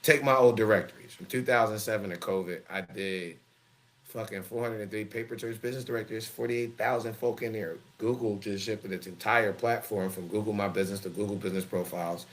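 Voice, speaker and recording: A middle-aged man hosting a live show tells a blunt story packed with profanity and street slang, animated throughout. His voice is on the low side and he talks a little fast.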